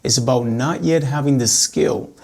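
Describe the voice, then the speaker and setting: A relationship coach speaks straight to camera, giving advice to the women watching him in a calm, measured, steady way. His voice is medium-pitched with some vocal fry, and he has just recovered from an illness that took his voice away.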